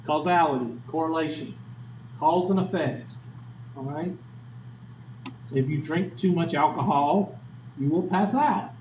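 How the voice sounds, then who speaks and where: A man's voice: on the high side, a little slow, long pauses, a little mellow, slight background noise. A man teaching statistics in a classroom lecture, folksy and chatty, quizzing his students with asides. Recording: echoey lo-fi classroom recording.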